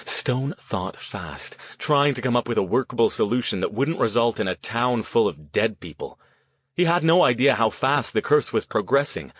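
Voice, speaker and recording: A man narrates an audiobook at a measured pace in a mid-pitched voice. The recording is close and dry. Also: no room sound. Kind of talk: scripted narration.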